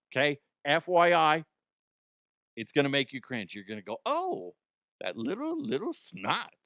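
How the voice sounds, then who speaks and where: A man's voice: mid-range voice, a bit bright, clean tone, no room sound, studio quality. Jokey man rambling through comedy news. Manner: rambling, jokey, self-interrupting. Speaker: podcast host. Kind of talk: casual comedic commentary.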